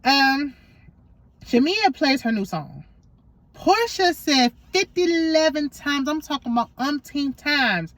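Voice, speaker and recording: A woman talks through a reality show recap in a sassy, animated, gossipy way, full of slang. Her voice sits on the high side. The sound is dry and close, with no room echo. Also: a little slow. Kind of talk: casual opinionated recap chat.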